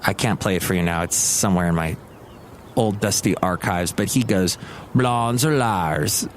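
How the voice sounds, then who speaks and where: A man hosting his own solo podcast, rambling in a casual, excitable, grumpy joking manner. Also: low-pitched, moderate pace, slight background noise. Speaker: podcast host.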